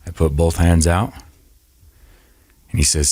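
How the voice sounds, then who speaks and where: Male podcast guest: very low, husky voice, halting personal storytelling full of restarts, close and dry. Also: fairly even intonation, darkish tone, dry recording. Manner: halting, repeats and restarts words.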